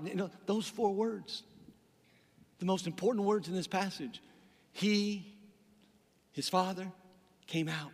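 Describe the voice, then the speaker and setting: A man's voice: high voice, slow, pauses often, big-room sound. A man preaching a sermon as pastor, telling a story with dramatic delivery and acting out the voices in it.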